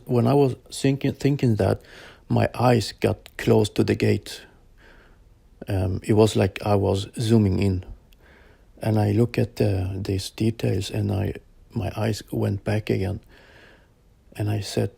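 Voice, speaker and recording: Slow, gravelly man recounting a vision. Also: lowish voice, dark tone, no echo. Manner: slow, halting, searching for words. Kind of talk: personal account told to interviewer.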